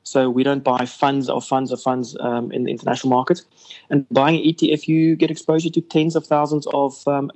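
Here a man with a mid-range, slightly mellow voice talks business as the guest CEO of an investment company. The casual radio interview finds him rambling and chatty, full of fillers, on a low-quality recording.

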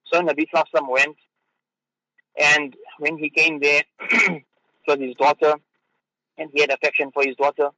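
Halting man giving a radio religious talk. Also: on the high side, fairly even intonation, bright, forceful tone, dry recording, muffled recording. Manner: halting, with fillers and repeated words.

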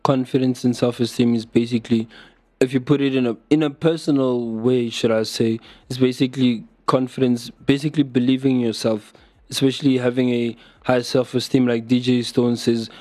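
A man's voice: medium pitch, flat delivery, fairly quick, mellow, no room sound. A man co-hosting a casual radio show, laid-back and agreeable, often hesitant. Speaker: radio co-host.

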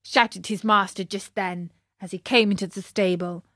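A woman narrating a children's story in a gentle way, talking to young listeners. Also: medium pitch, steady tone, normal speed, few pauses, no echo, studio quality.

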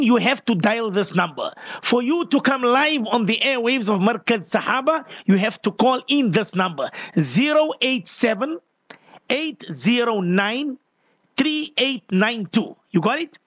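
A man hosting a call-in radio show, his voice high for a man. He reads a number out slowly, over and over, and greets listeners one by one. The studio sound is dry and close. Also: fairly bright tone, dry recording. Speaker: radio host.

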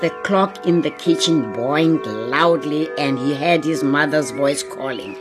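A woman narrating a children's audio story in a slow, measured way. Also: low voice, over loud music.

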